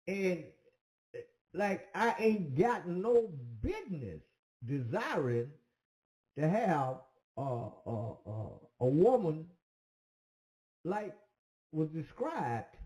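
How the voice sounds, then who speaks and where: A man's voice: on the high side, dark tone. A man telling a personal story in a casual, rambling way, with many hesitant fillers. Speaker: commentator. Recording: roomy echo.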